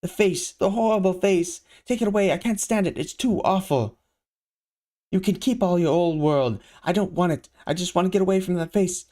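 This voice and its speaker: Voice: a little fast, hardly any pauses, warm tone, natural voice. A reader voicing a panicked male comic-book villain who yelps frantically in a raised voice. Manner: frantic, high-pitched yelping.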